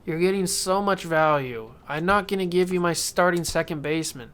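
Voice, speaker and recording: A gaming YouTuber with a high-sitting voice talks fairly quickly while playing a baseball video game. He chats casually to himself and coaxes the game along in let's-play style.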